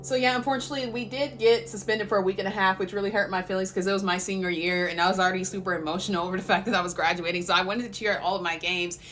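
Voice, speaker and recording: A young woman from Oklahoma telling a casual storytime in an animated, chatty way, laughing often and filling her talk with fillers. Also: mid-range voice, rapid-fire, few pauses, faint music behind.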